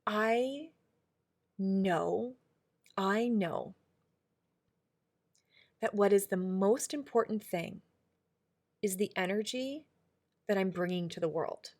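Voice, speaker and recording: A woman's voice: medium pitch, slow, long pauses, darkish tone. Earnest woman podcaster, emphatic. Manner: earnest, emphatic, many restarts and "like"s. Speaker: podcast co-host. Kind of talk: casual reflective chat.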